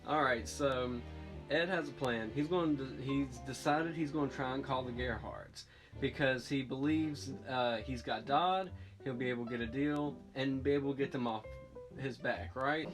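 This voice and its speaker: A man's voice: medium pitch, normal speed. A man recapping a TV episode in a casual, rambling way, full of fillers and self-corrections. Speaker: TV show reviewer. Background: guitar music.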